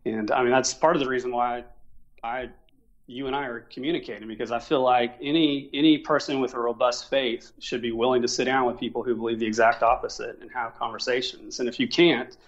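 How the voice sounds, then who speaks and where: Halting middle-aged missionary man, lo-fi. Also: medium pitch, fairly even intonation. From Oklahoma, USA. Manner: halting, many restarts and fillers. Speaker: Christian missionary. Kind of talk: casual conversation. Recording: dull lo-fi sound.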